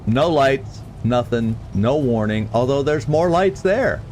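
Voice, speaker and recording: A man's voice: medium pitch, expressive, slow, a little mellow, soft background music. A man streaming a game, chatting casually and stumbling over tricky words as he reads lore. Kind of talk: let's play commentary.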